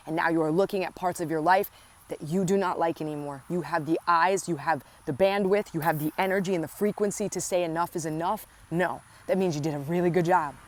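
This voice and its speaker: A woman's voice: medium pitch, darkish tone. A woman giving an inspirational spiritual talk, speaking earnestly and affectionately to the listener and repeating phrases for emphasis. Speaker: spiritual coach.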